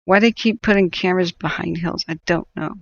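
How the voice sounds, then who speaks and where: Sardonic woman with a gravelly voice. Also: lowish voice, fairly quick, highs cut off. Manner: sardonic, laughs often, rambling. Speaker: wildfire-tracking livestream host. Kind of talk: live stream commentary.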